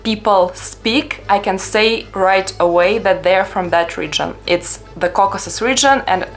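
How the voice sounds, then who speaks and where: A woman's voice: mid-range voice, a little slow. A young woman from Russia with a Russian accent, narrating a travel vlog in a chatty, lightly humorous, explanatory way. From Russia (Perm). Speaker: travel vlogger.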